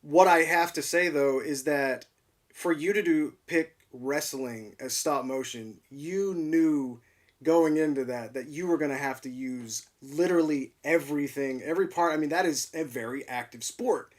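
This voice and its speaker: A male livestream host chatting casually, excitable and laughing often, with lots of fillers. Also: fairly high pitch, normal speed. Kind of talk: casual chat. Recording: voice a bit distant from mic.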